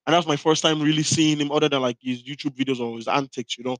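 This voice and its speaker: Fast-talking young Irish man, dry sound. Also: a little high, fairly even intonation, fairly bright tone, no room sound, rough recording. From Ireland. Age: young adult. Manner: loose slangy banter, quick laughs. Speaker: podcast co-host. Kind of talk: casual chat.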